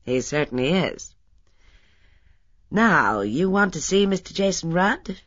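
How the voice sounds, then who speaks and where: A woman reading an audiobook and voicing a brisk, blunt male doctor. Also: lowish voice, big pitch swings, no echo, muffled recording, pitched above the performer's own voice, full character voice. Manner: blunt, matter-of-fact.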